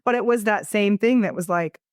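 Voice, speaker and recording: A woman's voice: mid-range voice, a little fast, dry recording, clean studio sound. A woman in her fifties, a podcast guest, talking expressively and dramatizing her inner dialogue. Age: 50s. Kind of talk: casual conversational interview.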